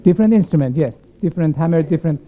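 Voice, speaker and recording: Male concert violinist, reflective spoken intro from the stage, slightly high voice, tinny lo-fi capture. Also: expressive, racing. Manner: reflective, explanatory, poses questions to the audience. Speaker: concert violinist addressing the audience. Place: concert stage before a live audience. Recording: thin phone-like sound.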